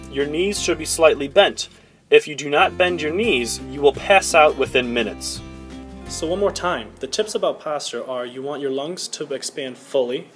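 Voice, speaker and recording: A man's voice: a little high, a bit bright. Young man teaching singing basics. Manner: earnest, instructive, demonstrates sung vowels. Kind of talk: school project tutorial.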